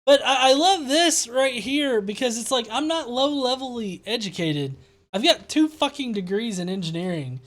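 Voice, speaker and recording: Speaking at a measured pace, the young streamer uses a very high, expressive, fairly bright voice. Comments from viewers get read aloud and mocked with laughter, sarcasm and steady profanity.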